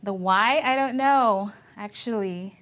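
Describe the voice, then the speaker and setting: Young woman navy vet in an interview, chatty and candid, laughs a lot while telling stories, middle pitched voice. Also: slow pace, a bit bright. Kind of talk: casual interview recollection.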